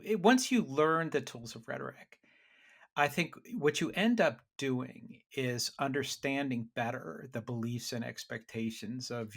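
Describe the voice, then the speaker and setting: Middle-aged man, gravelly voice, lively anecdotes, podcast guest. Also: fairly high pitch. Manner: animated storyteller with frequent restarts. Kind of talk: conversational interview storytelling.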